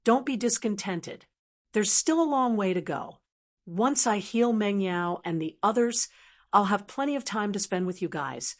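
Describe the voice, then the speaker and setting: A woman's voice: medium pitch, expressive, a little slow, lightly acted. A woman voicing a confident, brash young man who leads his group, read plainly in an audiobook. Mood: calm. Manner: brash, commanding. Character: confident young male cultivator, group leader. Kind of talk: audiobook character reading.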